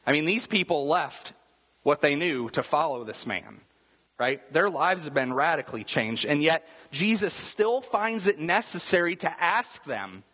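A man delivers a sermon in a conversational style and keeps asking his listeners "right?" His voice sits a little high and sounds husky. It rings out with a long reverb from the hall. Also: big pitch swings, measured pace, bright, forceful tone. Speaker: pastor.

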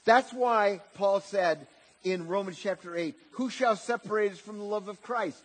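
A man preaching a sermon, often repeating words and swinging between loud emphatic lines and quiet, soft passages. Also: sits high, moderate pace, husky.

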